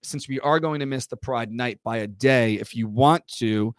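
A man's voice: medium pitch, normal speed, no room sound, clean studio sound. A man hosting a casual podcast, chatty and rambling, with fillers and self-corrections. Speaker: podcast host. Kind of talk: casual chat.

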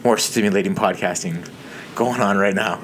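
A man's voice: on the low side, moderate pace, fairly bright tone, slight background noise. A young man co-hosting a podcast, trading casual, profane banter with a friend. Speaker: podcast co-host.

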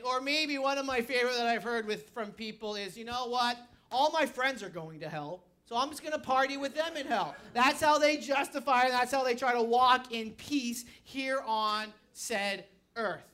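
Bright-voiced woman preaching a sermon. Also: a little high, moderate pace. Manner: animated storytelling, rising to shouts. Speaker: pastor.

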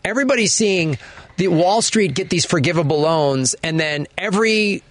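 A man's voice: sits high, lively intonation, normal speed, no echo. A man co-hosting a call-in radio show, talking emphatically and opinionatedly, laughing readily. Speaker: radio co-host. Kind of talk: casual call-in talk radio.

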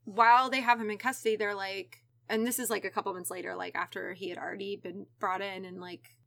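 A woman's voice: medium pitch, flat delivery, fairly quick, creaky, a bit bright. A woman hosting a casual chat, telling a true crime story in a profane, offhand way and acting out what people said. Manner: casual, profane, acts out quotes.

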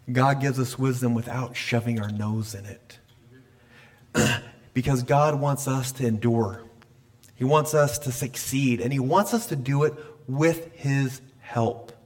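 A male pastor preaching a conversational sermon in a church. He tells stories in a folksy way, often restarts or repeats phrases, and clears his throat often. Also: mid-range voice, slow pace, a little mellow. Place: church sanctuary.

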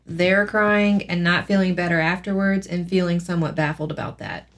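A woman in her thirties co-hosting a casual chat podcast, relaxed and dry, often giving short agreeing replies. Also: on the low side, moderate pace. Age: 30s. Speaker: podcast co-host.

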